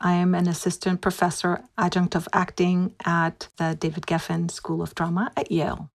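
A woman's voice: lowish voice, level tone, normal speed, vocal fry. A woman from Puerto Rico with a Puerto Rican accent, Spanish her first language, an acting professor answering interview questions in a reflective, musical way. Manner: musical, demonstrates speech rhythms.

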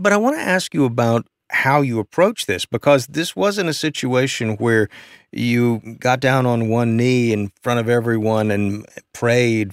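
A man hosts a conversational interview, asking attentive, thoughtful questions. His voice sits at a middle pitch. The recording is dry and close, with no room sound. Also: vocal fry, no room sound. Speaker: interview host.

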